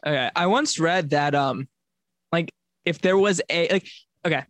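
On a dry recording, a young man from Long Island, New York, speaks with a mild Long Island accent in a fairly high, a bit bright voice at a measured pace. As a podcast co-host in casual chat, he rambles, leans heavily on fillers and keeps correcting himself.

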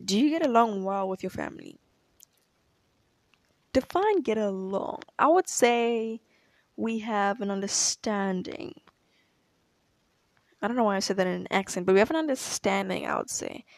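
A woman's voice: fairly high pitch, a little mellow, dry recording. A young woman from Africa, chatting in a rambling, hesitant way as she answers personal questions in a vlog. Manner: rambling, hesitant, self-correcting. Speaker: vlogger. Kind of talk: casual confessional Q&A chat.

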